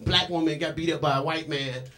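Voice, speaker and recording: A male comedian voicing his angry, indignant girlfriend, over loud crowd noise. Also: low-pitched, fairly even intonation, fairly quick, close to an everyday voice.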